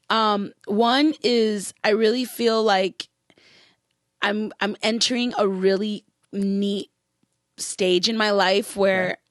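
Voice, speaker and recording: A middle-aged woman, a guest singer on a podcast, telling a story in an animated, expressive way. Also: mid-range voice, takes it slowly, dry recording, clean studio sound.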